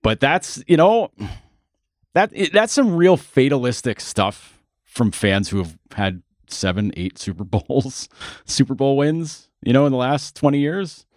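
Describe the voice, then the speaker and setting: A man's voice: medium pitch, big pitch swings, a little slow, no echo, studio quality. A man co-hosting a casual sports podcast who talks in a laid-back, rambling way. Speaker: podcast co-host.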